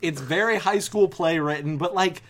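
A man's voice: a little high, moderate pace. A man hosting a podcast with friends, joking and laughing as he talks. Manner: animated, laughs often, tells jokes. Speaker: podcast host. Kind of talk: casual podcast banter.

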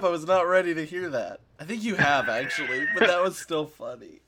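A man's voice: fairly high pitch, expressive, brisk, hardly any pauses, bright, forceful tone. A man co-hosting a casual podcast, playful and teasing in his banter. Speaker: podcast co-host.

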